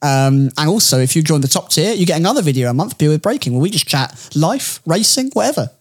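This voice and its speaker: A man co-hosting a casual podcast chat, jokey and quick to laugh. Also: a little high, big pitch swings. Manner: jokey, laughs often, slips into silly voices. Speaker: podcast co-host.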